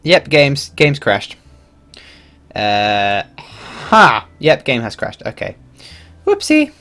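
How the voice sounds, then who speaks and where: A man's voice: mid-range voice, drawn-out words. A man streaming a game, chatting casually and rambling, swearing and chuckling along the way. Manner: animated, rambling, swears and laughs freely. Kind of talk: casual livestream commentary.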